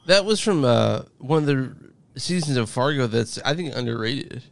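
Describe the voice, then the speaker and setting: A man co-hosting a movie podcast in casual chat, laid-back and low-key, with a groggy morning voice. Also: expressive, moderate pace, dry recording. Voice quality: gravelly. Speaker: podcast co-host.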